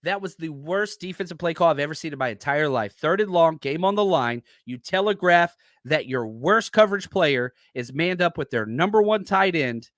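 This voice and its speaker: Heated, animated man ranting about football. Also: fairly high pitch, moderate pace, few pauses, no echo, clean studio sound. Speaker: podcast host. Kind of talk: sports podcast analysis.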